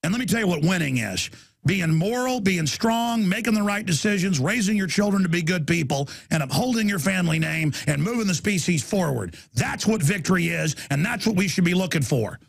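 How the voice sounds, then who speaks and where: A middle-aged man hosting a talk radio show, ranting aggressively with loud combative outbursts and a raspy voice. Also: high voice, lively intonation, brisk.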